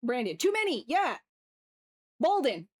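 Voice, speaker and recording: Female streamer, higher voice, casual jokey chatter with swearing, tutorial asides. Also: sing-song, measured pace, a little mellow. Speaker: livestreamer sculpting digital art. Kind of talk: casual chat while demonstrating software.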